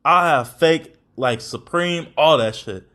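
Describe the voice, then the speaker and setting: A man's voice: a little high, takes it slowly, a bit bright. A young adult man hosting a podcast, talking in casual, rambling chat full of slang and swearing. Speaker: podcast host.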